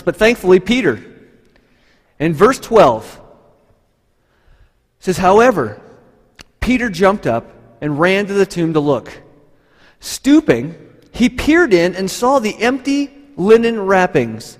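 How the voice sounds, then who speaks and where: A man preaching with a fairly high voice and lots of animated storytelling, acting out the people in his story. His voice rings on with a long reverb, as if in a large hall. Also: slow, pauses often. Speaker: pastor. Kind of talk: sermon.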